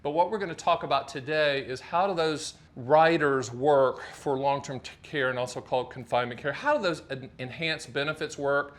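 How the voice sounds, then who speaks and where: A man's voice: medium pitch, moderate pace, hardly any pauses. A middle-aged man from North Carolina hosting a casual video, joking and hammering his points home with repetition. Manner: jokey, animated, emphatic repetition. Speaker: host. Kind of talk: casual talk to camera.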